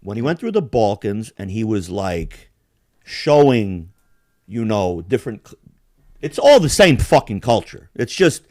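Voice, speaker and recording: A man's voice: on the low side, sing-song, measured pace, a little mellow, dry recording, studio quality. A man hosting a casual podcast, rambling bluntly with heavy swearing. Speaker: podcast host.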